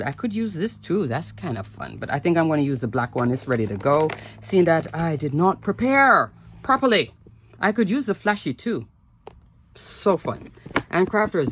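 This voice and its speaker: A woman's voice: on the low side, slight background noise. A woman hosting a papercraft video, chatting casually and bubbly as she shows her cards, often repeating "love, love" and calling viewers "crafters".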